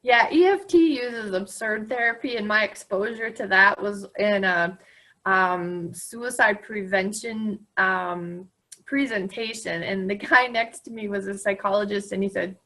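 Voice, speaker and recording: A woman interviewing a guest in a casual chat, telling stories with lots of laughter and sudden high-pitched quoted lines. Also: unhurried, rough recording. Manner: animated storyteller, laughs often, jumps high on quoted lines. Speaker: interviewer and coach.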